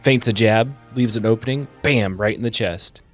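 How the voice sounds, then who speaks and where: A man's voice: fairly low pitch, normal speed, faint music behind. A man player narrating punches and dodges in a playful, dramatic way. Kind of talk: casual tabletop narration.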